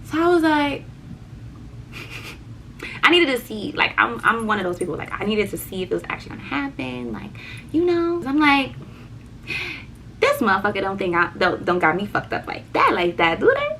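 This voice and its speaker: A young woman vlogger chatting casually through a story, animated, swearing and repeating words for emphasis. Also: fairly high pitch, normal speed, gravelly, pauses often, slight background noise, poor audio.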